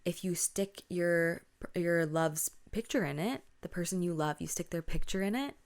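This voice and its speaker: A woman's voice: on the low side, normal speed, lightly acted. A woman voicing a chatty schoolgirl who eagerly passes on a rumor to her friend, in a spooky story told on a podcast. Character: gossipy schoolgirl sharing a rumor.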